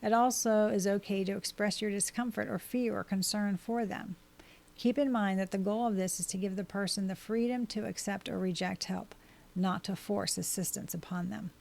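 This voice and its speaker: A woman hosting a podcast, reading scripted advice in a steady, measured way as she works through a list of tips. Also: medium pitch, gravelly. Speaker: podcast host and life coach.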